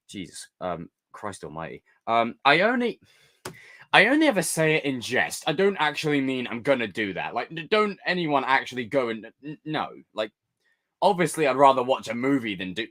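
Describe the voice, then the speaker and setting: A man hosts a casual live stream, reacting to chat with jokes and mock outrage. His pitch rises and falls widely as he talks. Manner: animated, jokey, talks to chat.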